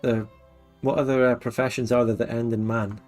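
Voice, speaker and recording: A man's voice: medium pitch, flat delivery, fairly quick, darkish tone, faint music behind. A Scottish man hosting a casual stream chat, who explains things at length in a playful, questioning way. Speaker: streamer host.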